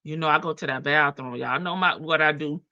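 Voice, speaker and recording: A woman with a deep voice hosts a casual livestream at a fairly quick pace, chatting and laughing with her viewers while reading updates. The stream audio is dull and lo-fi.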